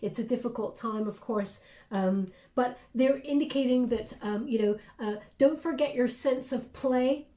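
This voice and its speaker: A woman with a fairly high voice gives a casual tarot reading straight to camera. She talks in an encouraging, reassuring way, stopping often with fillers and starting sentences over. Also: measured pace. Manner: warm, encouraging, many fillers and restarts. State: briefly emotional. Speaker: tarot reader.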